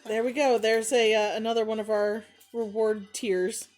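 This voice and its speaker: A woman's voice: on the high side, little pitch movement, moderate pace, darkish tone. A woman co-hosting a livestream, chatting bawdily and giggling while she paints. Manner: bawdy, giggly, slips into a mock crying voice. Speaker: co-host of a painting stream. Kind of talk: casual joking chat while painting.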